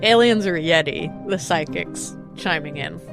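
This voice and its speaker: A woman's voice: lowish voice, unhurried, creaky, over music. A woman co-hosting a podcast in casual conversation, wry and offhand, with a skeptical streak. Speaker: podcast co-host.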